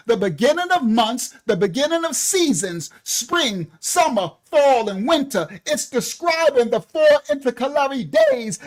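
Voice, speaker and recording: Fervent man teaching scripture. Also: very high-pitched. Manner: fervent, exclaiming, bursts of laughter. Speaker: Bible teacher. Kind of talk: livestreamed scripture lesson. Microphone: own desk microphone.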